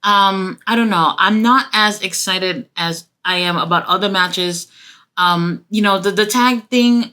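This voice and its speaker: A woman reviewing a wrestling show in casual talk. She is blunt, exasperated and swears freely, with jumpy animated asides. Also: mid-range voice.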